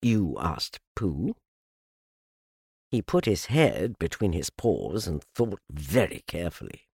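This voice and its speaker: Slow, gravelly storybook narrator, a man. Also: low voice, big pitch swings, no room sound, clean studio sound. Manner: slow, deliberate, softly lilting. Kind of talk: storybook reading.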